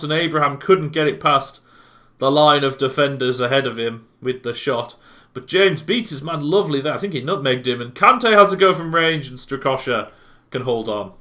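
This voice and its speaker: A young man casually commentating on his own football video game match, calm between chances and bursting out loudly when goals go in. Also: medium pitch. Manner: excitable, bursts loud at goals. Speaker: gaming YouTuber.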